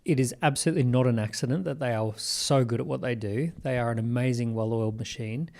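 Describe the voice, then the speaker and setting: An Australian man talks as a podcast guest, telling his business stories with animated energy. He often restarts a sentence and adds quick asides as he goes. His voice sits at an ordinary middle pitch for a man. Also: gravelly. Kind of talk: conversational interview.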